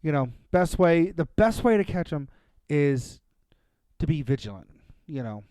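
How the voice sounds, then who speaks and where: A man's voice: fairly high pitch, big pitch swings, measured pace, warm tone, smooth, no room sound, clean studio sound. A man co-hosting a podcast, chatting casually in a rambling way with many fillers and restarts. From Pennsylvania, USA. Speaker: podcast co-host. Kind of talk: casual chat.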